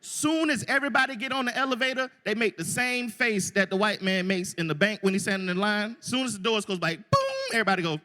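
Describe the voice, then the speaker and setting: A male stand-up comedian from Florida, working the crowd loudly at a live show and acting out other people's voices. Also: sits high, quick pace, hardly any pauses. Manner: loud crowd work, acts out characters' voices. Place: live show before an audience.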